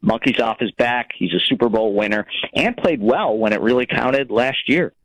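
A man's voice: mid-range voice, normal speed, fairly bright tone, no echo, poor audio. A man calling into a sports radio show, delivering a confident, rehearsed take on a team. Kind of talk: phoned-in sports opinion.

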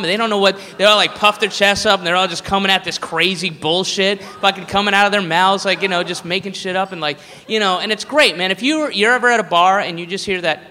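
A stand-up comedian from the South, talking high and bright in a rambling, profane flow. his rings out through a big reverberant hall, with a faint murmur of ambience underneath. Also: a little hiss or hum. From American South. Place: live venue stage.

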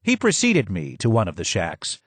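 Man with a steady, lowish narrating voice. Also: dry recording. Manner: steady, measured storytelling. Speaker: audiobook narrator. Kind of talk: scripted narration.

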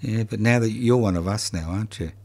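Male radio host, very low voice, dry teasing banter. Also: fairly quick, a little mellow. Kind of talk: casual radio chat.

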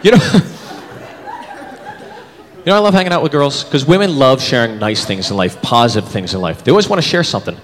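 A man in his thirties does a stand-up set on a comedy club stage, acting out characters in shifting voices before a live audience. His medium-pitched voice is very animated and fairly quick with long pauses, captured in a live hall recording with crowd laughter and background noise.

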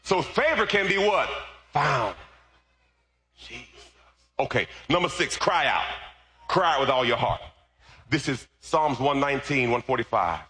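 A male pastor preaching a sermon, moving from relaxed storytelling to loud, fervent, shouted preaching. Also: mid-range voice, a little slow, long pauses.

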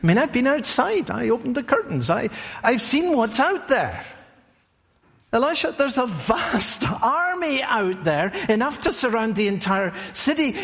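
A man's voice: very high voice, fairly bright tone, voice pushed up, exaggerated voice. A man voicing a frightened young male servant who pleads in exasperated disbelief. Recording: long hall reverb.

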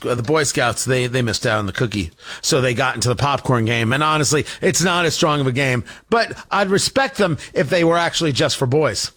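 High, animated male talk host. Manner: combative, sarcastic, emphatic. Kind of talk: political commentary monologue.

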